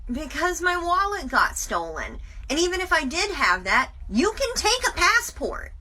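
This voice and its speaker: Bright young woman acting out a sketch. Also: very high voice, wildly swooping pitch, unhurried, a little hiss or hum. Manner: acts out a dialogue alone, switching voices. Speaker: TikTok sketch creator. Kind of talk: comedy sketch playing several parts.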